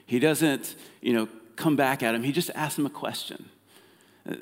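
A man preaching a sermon in a relaxed, conversational way, with plenty of fillers and restarts. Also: medium pitch, moderate pace, big-room sound. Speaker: pastor. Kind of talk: casual sermon.

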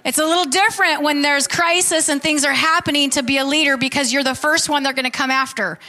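Brief: fervent female preacher, high and bright tone, tosses questions to the congregation. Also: steady tone, quick pace. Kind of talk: sermon.

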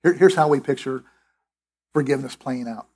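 Husky-voiced man preaching conversationally. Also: mid-range voice, moderate pace, darkish tone. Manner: conversational, emphatic, with restarts and asides. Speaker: pastor. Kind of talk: sermon.

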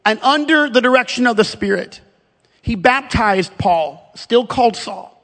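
A man preaching a sermon, animated and emphatic, joking with the congregation between scripture readings. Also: very high voice, measured pace. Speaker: pastor. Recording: long hall reverb.

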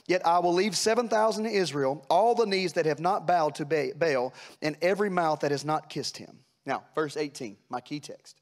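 Male preacher, high voice, dramatic sermon delivery that drops to a hush and climbs to urgent peaks. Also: normal speed, few pauses. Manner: dramatic preaching, swinging from hushed lows to loud urgent peaks; retells scripture scenes with voiced characters.

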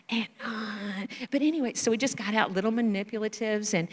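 A woman missionary sharing stories in a church talk, animated and acting out children's voices. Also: medium pitch, brisk, hardly any pauses, breathy edge. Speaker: missionary speaker. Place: church sanctuary. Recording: reverberant church hall.

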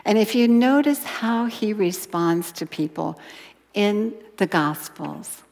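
A woman teaching a Bible lesson in an expressive sermon style, sometimes dropping to a whisper for emphasis. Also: medium pitch, takes it slowly, gravelly. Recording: long hall reverb.

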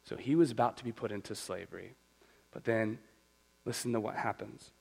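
A man preaching a sermon as a pastor, telling a story in an animated, conversational way. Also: on the low side, fairly quick, vocal fry, husky, low-quality recording.

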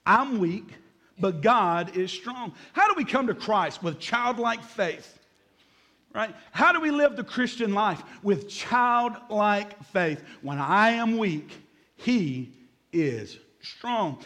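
A male pastor delivering a sermon in an animated, dramatic way, acting out asides. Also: sits high, measured pace.

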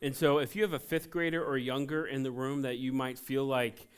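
Smooth-voiced pastor, joking storyteller. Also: male voice, medium pitch, fairly quick. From Ohio, USA. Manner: conversational, joking, animated storytelling. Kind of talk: sermon with personal stories. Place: church sanctuary.

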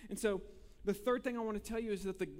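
A man's voice: high voice, fairly even intonation, quick pace, a little mellow. A man preaching a sermon as pastor, earnest and building to emphatic peaks, often repeating words as he presses a point.

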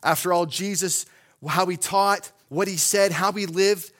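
A man with a somewhat high voice delivers a sermon in a church sanctuary. He keeps it conversational, wandering into asides and restarting his sentences as he goes. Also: fairly even intonation, measured pace, fairly bright tone. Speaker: pastor.

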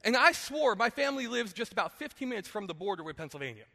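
A man's voice: high voice, quick pace, in a large hall. A man in his thirties from New Jersey, a pastor preaching a sermon and telling personal stories with jokey asides and acted-out quotes. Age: 30s. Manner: animated storytelling, jokey asides, acts out quotes.

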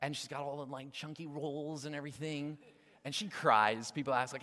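A man in his thirties, a guest pastor preaching a sermon in a casual, conversational way that swings between loud emphasis and hushed, near-whispered moments. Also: medium pitch, brisk. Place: church hall. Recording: long reverb of a large hall.

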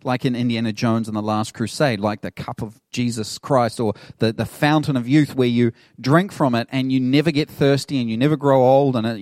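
A man's voice: medium pitch, no room sound, studio quality. A middle-aged man, a pastor preaching a sermon in a casual, conversational way, acting out the people in his story. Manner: conversational, animated storytelling with laughs.

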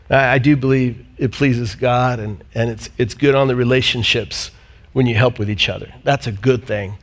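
A man preaching a sermon as pastor, swinging between loud emphatic peaks and low, quiet passages. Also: fairly even intonation, normal speed.

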